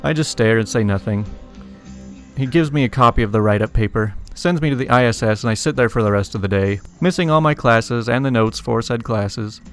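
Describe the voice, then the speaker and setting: A man's voice: mid-range voice, a little fast. Man, casual story reader, wry asides, chuckles, faint music behind. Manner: chuckles between stories, adds wry asides. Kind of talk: casual narration of internet stories.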